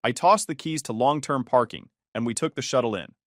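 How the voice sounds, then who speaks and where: A man's voice: mid-range voice, fairly quick, a bit bright, no echo. A man narrating a first-person story with a dry, sarcastic delivery.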